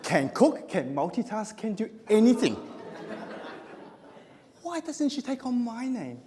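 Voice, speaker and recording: Speaking in an extremely high but dark-toned voice, this contest speaker is very animated yet unhurried. His stage speech in a conference hall is funny, punchy, self-deprecating and tightly timed, all captured with a noticeable echo.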